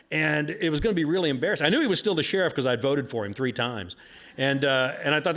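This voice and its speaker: A man's voice: medium pitch, expressive, fast, a bit bright. A middle-aged man telling a folksy, rambling story at a bookstore talk, with plenty of fillers along the way. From United States. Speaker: author giving a talk.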